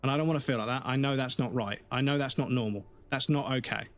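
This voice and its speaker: A man's voice: mid-range voice, fast, soft background music. A man streaming a game live, chatting casually with viewers and venting his exasperation in a rambling way.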